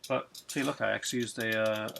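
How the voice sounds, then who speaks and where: A man hosting a casual unboxing vlog who talks in an excitable, rambling way with many fillers. He sounds chilled from being out in the cold and rain. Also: fairly low pitch, fairly quick, gravelly, a little hiss or hum. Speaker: video host.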